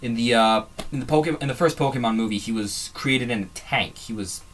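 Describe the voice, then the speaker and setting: A man's voice: medium pitch, fairly quick, a bit bright, slight background noise. A man hosting a casual fan commentary video, rambling and digressive, often trailing off and restarting his sentences. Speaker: video host.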